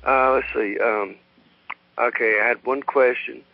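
A man's voice: mid-range voice, fairly even intonation, unhurried, vocal fry, dry recording. A man with a Southern US accent, calling in to a radio show and talking hesitantly. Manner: hesitant, many fillers. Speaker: caller. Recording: muffled radio call.

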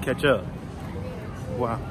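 A man's voice: mid-range voice, very slow. A young man vlogging casually, teasing his friends and rambling with fillers, recorded on a handheld camera. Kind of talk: casual vlog chat. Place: bowling alley. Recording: loud music and crowd at bowling alley.

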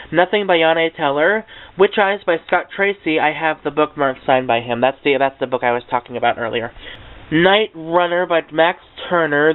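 A young man chats his way along his bookshelf, excitable and a little tongue-tied, tossing in casual swears. His voice sits a touch high and comes through clean and crisp in itself. The sound is tinny and narrow, like a cheap webcam or phone line. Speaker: book vlogger. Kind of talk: casual unscripted bookshelf tour.

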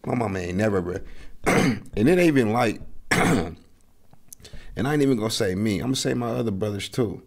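A podcast host, a man, reacting to a clip with blunt, profane jokes. His voice sits very low and carries a gravelly fry. He talks in a loose, unscripted way. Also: expressive, fairly quick. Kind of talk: reaction commentary.

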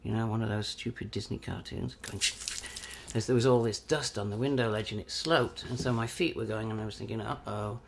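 Brief: English man, fifties, gravelly voice, animated storyteller in an interview. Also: fairly low pitch, fairly quick, slight background noise. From England. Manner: animated, acts out quoted voices. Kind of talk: anecdotal storytelling.

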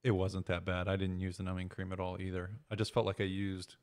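Man, deep voice, matter-of-fact, candid, casual podcast chat. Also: monotone, quick pace, darkish tone.

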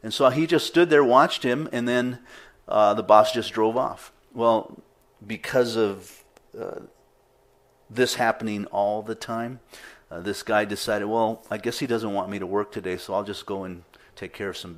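A middle-aged man pastor giving a conversational sermon, with frequent fillers and repeated words. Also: lowish voice.

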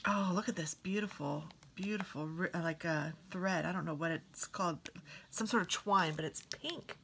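A woman vlogger casually showing off craft mail she received, gushing softly and sometimes dropping to a whisper. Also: fairly low pitch, normal speed, vocal fry, slight background noise, poor audio. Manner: gushing, soft-spoken, drifts into whispers. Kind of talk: casual show-and-tell unboxing.

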